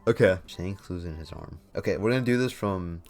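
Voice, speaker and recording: Low-voiced man rambling through a tier list. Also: fairly quick, a little mellow, soft background music. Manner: rambling, slangy, keeps correcting himself. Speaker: YouTuber ranking anime items. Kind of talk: casual tier-list commentary.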